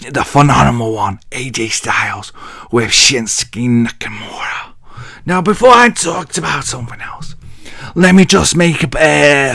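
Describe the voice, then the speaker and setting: A man with a deep voice, rambling jokily through a casual wrestling recap with self-mocking asides. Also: gravelly, sharp tone, dry recording, studio quality. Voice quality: deep, masculine. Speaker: wrestling vlogger.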